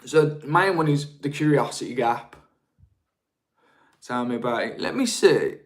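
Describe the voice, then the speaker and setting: This medium-pitched male voice is animated yet unhurried. He's a young live-stream host covering marketing, talking informally, reading the chat and saying hello to viewers as he goes.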